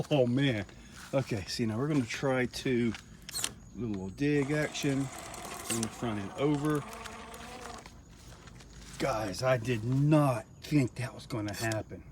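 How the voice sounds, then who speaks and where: A middle-aged man casually commenting while driving an RC crawler outdoors, chatty and easily excited, laughing often. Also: medium pitch, slow pace, pauses often. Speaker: RC hobby reviewer. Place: outdoors on a rock trail. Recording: distant mic, faint outdoor noise.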